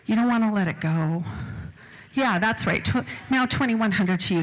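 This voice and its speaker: A woman running a live charity auction, rattling off bids fast and joking with the crowd. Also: fairly high pitch, rough recording. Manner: rapid bid calling, joking with the crowd. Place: event hall.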